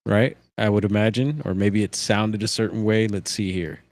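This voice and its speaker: Man, livestream host, casual reading aloud, rambling asides, low-pitched voice, dry sound. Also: normal speed, dry recording. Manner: relaxed, musing asides while reading aloud. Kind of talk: casual live commentary.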